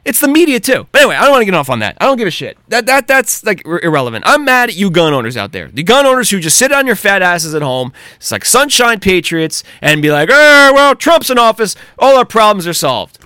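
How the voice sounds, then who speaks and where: A man hosting a podcast, delivering an angry, profanity-laden solo rant with heated shouting outbursts. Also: high-pitched, very animated, fast talker, hardly any pauses, no room sound, clean studio sound. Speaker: podcast host.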